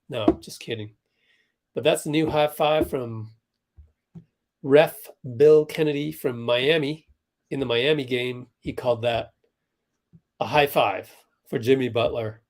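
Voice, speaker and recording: A man hosting a livestream, giving casual commentary on a basketball game and talking to chat viewers as plays happen. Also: mid-range voice. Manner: chatty, reacts to plays, talks to chat viewers. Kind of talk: casual live commentary for a watch-along stream.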